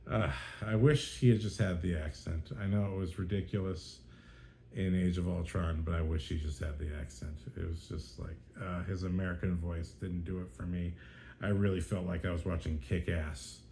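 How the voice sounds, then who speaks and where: A man's voice: low-pitched, fairly even intonation, moderate pace, creaky, warm tone. A man hosting a podcast and reviewing a film in a casual way. He sounds exasperated and rants with lots of fillers and restarts. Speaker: podcast host. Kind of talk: casual spoken movie review.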